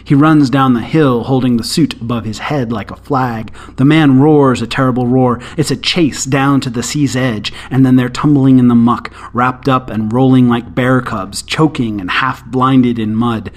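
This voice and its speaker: A man reads a short story in a calm, even narrating voice. His pitch is middling for a man, neither deep nor high. The delivery is steady and scripted. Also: moderate pace, hardly any pauses.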